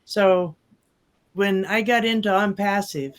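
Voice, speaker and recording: A man's voice: high-pitched, slow pace. An older man telling a personal story in a folksy, rambling way with many fillers. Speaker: testimonial speaker. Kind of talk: casual personal testimony.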